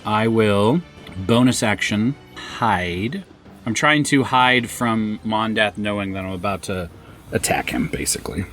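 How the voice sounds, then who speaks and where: Lively low-voiced man playing a game. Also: measured pace, faint music behind. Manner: excitable, laughs often. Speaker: player. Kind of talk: casual tabletop play.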